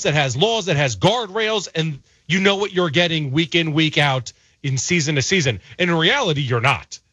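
Indignant sports commentator, lo-fi clip. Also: male voice, fairly high pitch, sharp tone, slightly rough, no echo. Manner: emphatic, indignant. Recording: dull lo-fi clip.

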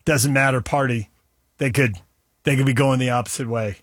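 A man's voice: medium pitch, steady tone, normal speed, no room sound, studio quality. A man in his twenties co-hosting a sports talk show, analytical and dryly teasing. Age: 20s. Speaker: sports radio co-host.

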